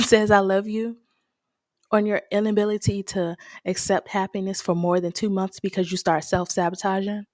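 A woman's voice: medium pitch, a little mellow, no room sound. A woman talks straight into a close, dry mic, giving a faith-based pep talk on her own show. Her delivery is preachy and encouraging, and she laughs often as she speaks. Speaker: podcast host.

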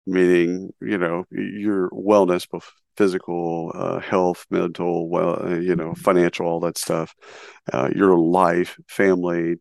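A man's voice: low-pitched, monotone, unhurried, creaky, a little mellow, no room sound, studio quality. A man hosting an interview, opinionated and sarcastic, rambling through his questions with self-deprecating asides. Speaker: interview host. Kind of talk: casual conversational interview.

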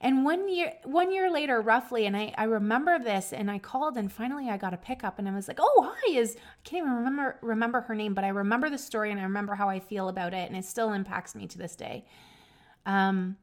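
A woman hosting a talk, telling a personal story in an earnest, emotional way. She swings between hushed, reflective moments and loud, lively bursts. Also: mid-range voice, fast. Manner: earnest and emotional, with many restarts. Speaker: podcast host.

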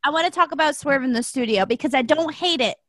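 A young woman co-hosting a casual chat podcast, excitable and giggly with quick asides. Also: high-pitched, no room sound, studio quality. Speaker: podcast co-host.

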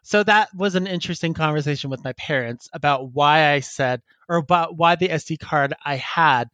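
A man's voice: on the high side, moderate pace, pushed and bright, no echo. Laughing, rambling man podcast host. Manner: laughs often, rambling and self-interrupting. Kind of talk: casual podcast chat, reading listener emails.

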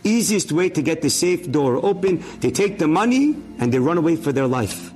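A man whose voice sits on the high side speaks at normal speed, giving a sermon built around an inspirational religious story. Animated in his delivery, he performs the characters' lines in their own voices.

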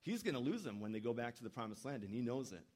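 Man preaching an animated sermon. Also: fast. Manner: animated preaching, voicing quoted speakers with sudden pitch jumps. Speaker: pastor.

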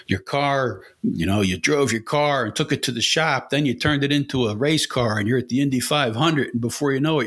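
A man's voice: medium pitch, fairly bright tone, slightly rough. A man hosting a casual solo podcast, rambling bluntly with casual swearing and rhetorical questions. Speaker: podcast host.

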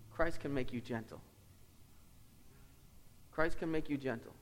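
A man's voice: medium pitch, unhurried. Earnest man preaching in a reverberant hall. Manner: earnest, storytelling with repeated phrases. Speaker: lead pastor. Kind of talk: sermon. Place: church sanctuary.

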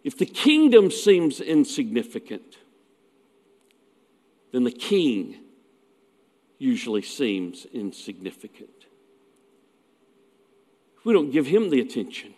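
A man's voice: sits high, long reverb tail. A man preaching a sermon as pastor, telling stories in a folksy way with asides.

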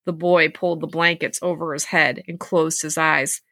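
A woman reading spooky tales aloud for a podcast, with a bright, forceful tone and lively acted-out quotes. The sound is dry and close, with no room echo. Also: low voice, normal speed. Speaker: podcast host and storyteller. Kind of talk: reading scary stories aloud.

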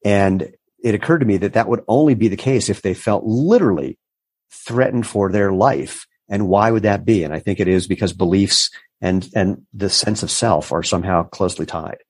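A business founder in his fifties, appearing as an entrepreneur guest, tells stories in a casual interview and acts out the voices of people he quotes. He's an animated storyteller with a lowish, slightly rough voice at normal speed, on a dry recording.

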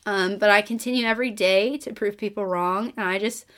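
Woman podcast host, emotional and choked up, earnest motivational monologue, halting with fillers. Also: mid-range voice, fairly bright tone. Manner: earnest, pep-talk delivery with repeated calls to action; frequent fillers and restarts.

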